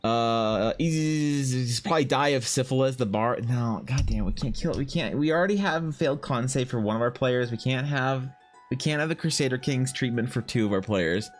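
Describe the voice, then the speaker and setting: A man's voice: mid-range voice, moderate pace, soft background music. Rambling man chatting on stream. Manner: rambling, thinking aloud, answering chat. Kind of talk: casual chat with stream viewers.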